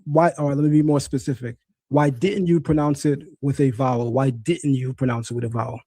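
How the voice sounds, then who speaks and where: Man with a mellow, dry voice, correcting. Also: medium pitch, fairly even intonation, brisk, no room sound. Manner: insistent, corrective, lecturing. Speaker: host. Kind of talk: livestream debate on Hebrew pronunciation. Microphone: screen-sharing stream setup.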